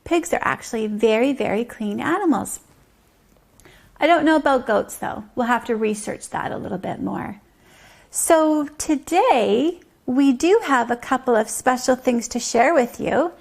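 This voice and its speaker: A woman teacher reading a story aloud to toddlers, slow and gently explaining. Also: fairly high pitch, animated, vocal fry. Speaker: preschool teacher.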